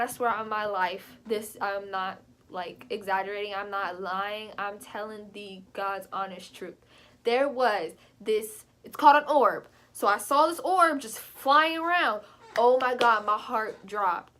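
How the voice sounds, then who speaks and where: A young adult woman telling a personal story in a casual vlog, animated and chatty, leaping up in pitch when she quotes herself. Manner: animated, jumps high when quoting herself; chatty, frequent fillers. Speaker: vlogger.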